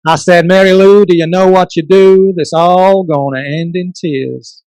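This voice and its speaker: A man's voice: high-pitched, fairly even intonation, a little slow, a little mellow, clear, resonant tone, no room sound, voice pushed up, poor audio. A man voicing a heartbroken urban cowboy in a mock American cowboy drawl, reciting rhymed lines in a comic sing-song way. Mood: lamenting. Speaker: poet performing his poem. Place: book launch event.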